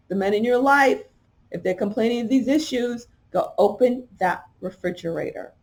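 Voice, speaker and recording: A woman's voice: mid-range voice, expressive, moderate pace, darkish tone. Emphatic woman hosting a commentary talk. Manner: emphatic, repeats key words for stress; talks straight to listeners, asking them questions. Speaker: podcast host. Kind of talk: commentary while reading from an article.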